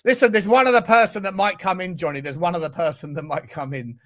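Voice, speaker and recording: A man co-hosting a casual football podcast, excitable and jokey. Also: high-pitched, fast. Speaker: podcast co-host.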